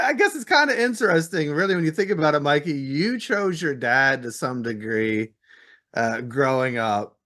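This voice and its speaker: A man hosting a podcast interview, asking measured questions and murmuring soft agreement. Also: medium pitch. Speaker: podcast host. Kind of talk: interview conversation.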